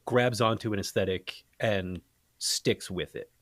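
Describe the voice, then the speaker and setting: A man guesting on a podcast, chatting casually about a movie in a rambling way, with halting restarts. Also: fairly low pitch, no echo, studio quality. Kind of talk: casual movie-review chat.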